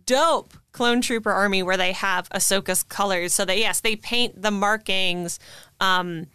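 A woman's voice: medium pitch, a little slow, bright, forceful tone, clear, resonant tone, no room sound. A woman hosting a casual podcast chat, upbeat and chatty, with frequent fillers as she explains. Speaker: podcast host teaching the lesson.

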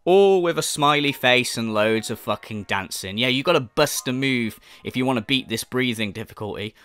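A man's voice: mid-range voice, animated, moderate pace, a bit bright, smooth, dry recording. Exasperated, swearing man ranting. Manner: exasperated, profane, incredulous. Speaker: commentary video host. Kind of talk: ranting commentary.

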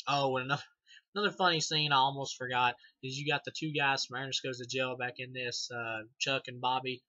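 A man's voice: mid-range voice, bright, forceful tone, no room sound, muffled recording. A man giving a casual, rambling movie review, loose and profane, laughing and restarting as he goes.

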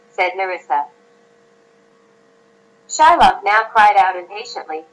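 A woman reading a classic story aloud as an audiobook narrator, at a steady, even pace. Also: mid-range voice, moderate pace, rough recording.

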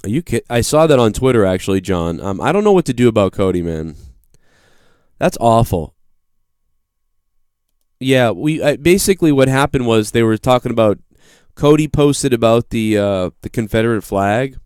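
A man's voice: mid-range voice, lively intonation, normal speed, darkish tone, clean tone, dry recording, studio quality. A man in his thirties with a Boston accent, hosting a live show and telling a rambling, profane story about his own mishaps. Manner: rambling, profane, self-deprecating. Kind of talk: casual live-stream storytelling.

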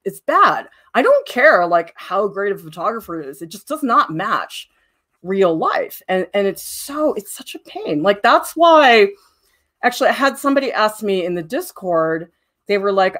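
A woman's voice: mid-range voice, big pitch swings, normal speed, fairly bright tone. A middle-aged woman teaching a live drawing demo, chatty and self-deprecating, often laughing at herself. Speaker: art teacher.

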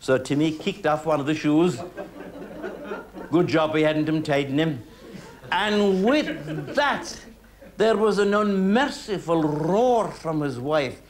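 A man's voice: a little high, expressive, slow pace. A man with an Irish accent telling a traditional folk tale in a lilting, humorous, rhythmic way. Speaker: storyteller. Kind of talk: traditional oral storytelling.

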